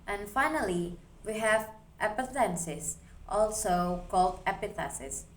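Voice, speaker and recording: A woman reading a phonology class presentation aloud, slowly working through examples one at a time. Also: mid-range voice, expressive. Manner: slow, careful, reads examples one by one. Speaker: student presenter.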